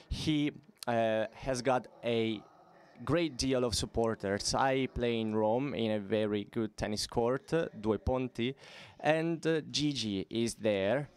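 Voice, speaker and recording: A man interprets a talk into English in real time. His voice sits at an ordinary pitch, and he halts on fillers and restarts sentences as he works. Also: darkish tone, clear, resonant tone. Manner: halting, with frequent fillers and restarts.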